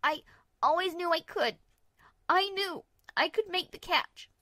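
A woman voicing a young filly pony in a storybook reading, with a high, cracking, overwrought voice. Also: animated, a little slow, pushed and bright, dry recording, clean studio sound, exaggerated voice. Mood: shaken, desperate.

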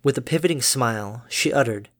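A woman narrating a fan fiction story in a steady, unhurried way. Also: very deep voice.

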